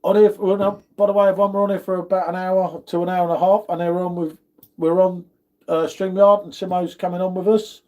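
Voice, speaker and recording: He's a livestream host from the United Kingdom whose high, darkish voice has a flat delivery and a fairly quick pace. In a casual, chatty way, he greets viewers, reads their comments, and calls them all "mate."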